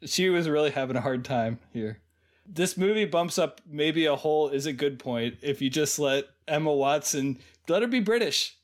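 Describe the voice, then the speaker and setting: A man co-hosting a podcast, talking in loose casual chat with a slightly high voice. He is blunt and sarcastic in his opinions and laughs often. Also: moderate pace. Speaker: podcast co-host.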